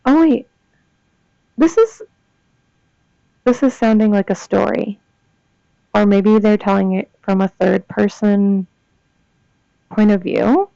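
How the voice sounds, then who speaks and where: A woman's voice: mid-range voice, little pitch movement, a little slow, gravelly, pauses often, warm tone, no room sound. A young woman reading ghost stories aloud and chatting between them, reacting with gasps and comments. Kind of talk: casual reading with asides. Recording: dull lo-fi dry sound.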